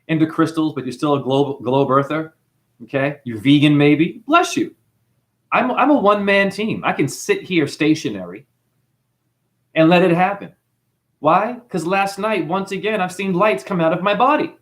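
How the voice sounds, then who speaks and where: Speaking at a moderate pace in a slightly high voice, a New Zealand-accented livestream host reads chat messages aloud. He rambles and preaches, addressing listeners as "honey."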